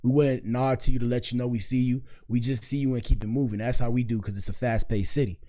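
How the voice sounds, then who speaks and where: A man from Miami hosting a casual reaction show, rambling in slang and giving frequent shout-outs. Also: mid-range voice, steady tone, quick pace. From Miami, Florida. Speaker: commentary show host.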